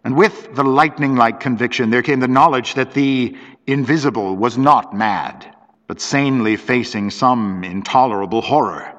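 A man narrating a story aloud in a steady, measured way, recorded with long reverb. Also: medium pitch, muffled recording.

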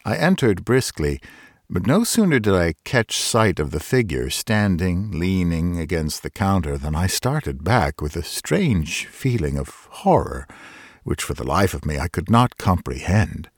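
A man, a librarian narrating a Victorian ghost story in a measured, dramatic way. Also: low-pitched, big pitch swings, breathy edge, no room sound, studio quality.

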